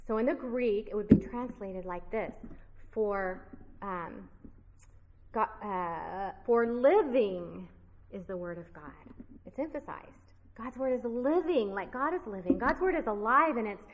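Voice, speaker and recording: A woman's voice: a little high, lively intonation, measured pace, in a large hall, poor audio. A woman teaching a Bible study group, earnest and emphatic, repeating key phrases and dropping casual, self-deprecating asides to her listeners.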